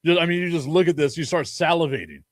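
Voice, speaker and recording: A man's voice: fairly high pitch, quick pace, no room sound, clean studio sound. A man hosting a casual sports talk stream, joking and rambling and laughing often. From Chicago. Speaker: sports talk show host.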